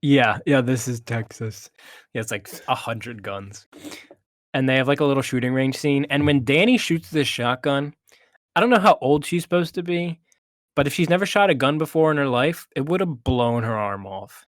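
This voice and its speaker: A man's voice: mid-range voice, expressive, normal speed, no room sound, clean studio sound. Man co-hosting a casual movie chat. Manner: retells plot with hesitations and restarts. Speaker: co-host, movie reviewer.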